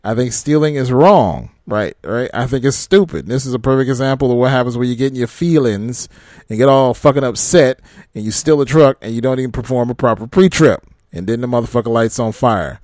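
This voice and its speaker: A man's voice: medium pitch, fairly quick, darkish tone, no room sound, studio quality. A man who drives trucks, ranting casually and profanely, often breaking into laughter. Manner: profane, rambling rant with frequent laughter. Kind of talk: casual rant to camera.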